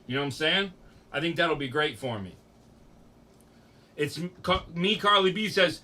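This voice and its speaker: Young male streamer, a bit high-pitched, rambling and profane. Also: animated, normal speed, pauses often, pushed and bright. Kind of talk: casual livestream chat.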